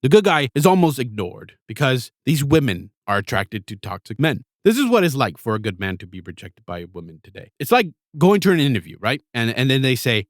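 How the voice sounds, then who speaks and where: A man's voice: medium pitch, big pitch swings, fairly quick, hardly any pauses, dry recording, clean studio sound. A man hosting a podcast, ranting through a blunt, heavily profane monologue. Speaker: podcast host.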